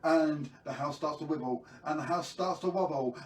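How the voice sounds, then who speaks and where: A playful man hosts a live story time for children, cracking jokes and quizzing the viewers. His voice is slightly high. It echoes around the room from a distant mic, with a faint background hum. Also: moderate pace.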